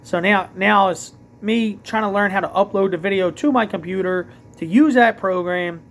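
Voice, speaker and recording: A vlogger and DJ with a thick Philadelphia accent rambles through a casual late-night rant, his voice high for a man and fairly bright, at a moderate pace. He strings his thoughts together with constant "like" fillers, self-corrections, and restarts.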